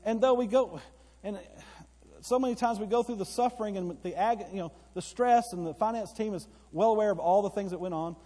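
A man preaching a sermon, spinning a story for his congregation and breaking into excited outbursts. His voice sits fairly high but sounds dark and a touch husky. The sound rings with the long reverb of a church hall. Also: brisk. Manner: storytelling, rising to excited bursts. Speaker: pastor. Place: church sanctuary.

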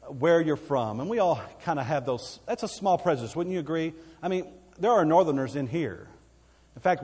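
On the high side, a little mellow with a breathy edge, this man's voice carries a Texas accent. Preaching as pastor in a church sanctuary, he keeps it folksy and conversational, calling for amens amid long hall reverb.

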